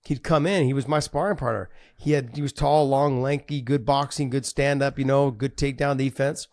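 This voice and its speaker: A man co-hosting a fight podcast, telling animated stories in casual chat and swearing freely. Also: medium pitch, brisk. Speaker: podcast co-host, former fighter.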